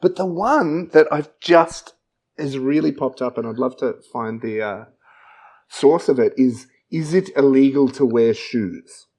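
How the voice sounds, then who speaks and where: A man's voice: medium pitch, animated, a little slow, darkish tone, low-quality recording. Australian man, rambling podcast chat. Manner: rambling, playful, many fillers. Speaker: podcast co-host. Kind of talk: casual chat.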